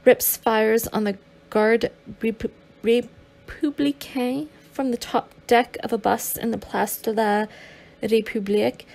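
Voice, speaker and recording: A woman's voice: a little high, fairly even intonation, slow, creaky, darkish tone. A woman narrating a memoir as an audiobook, with occasional stumbles and restarts.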